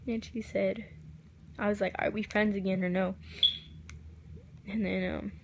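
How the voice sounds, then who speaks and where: A woman telling a personal story to camera, recounting quoted text messages in a soft, halting voice that drops at times to near a whisper. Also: medium pitch, little pitch movement, gravelly, slight background noise. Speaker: vlogger.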